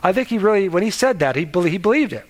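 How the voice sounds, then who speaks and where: A man's voice: high-pitched, lively intonation, very fast. A man preaching a sermon in an earnest, conversational way, asking the listeners questions and restarting his sentences. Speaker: pastor.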